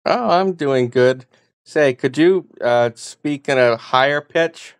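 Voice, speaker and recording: A woman's voice: extremely low pitch, slow, clear, resonant tone, no echo, studio quality. A woman testing a voice assistant, giving short, hesitant commands with frequent "uh". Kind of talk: casual spoken requests.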